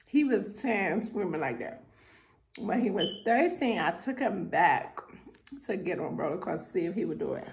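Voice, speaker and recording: A woman with a New York accent, telling animated family stories in a casual storytime vlog. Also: fairly low pitch, moderate pace, gravelly. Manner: animated storyteller acting out voices.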